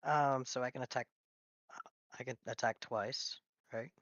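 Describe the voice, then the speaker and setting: A man's voice: mid-range voice, fairly even intonation, unhurried, a bit bright, dry recording, lo-fi sound. A man playing a tabletop game, working out his turn aloud with some hesitation. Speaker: player. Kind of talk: tabletop game play, casual.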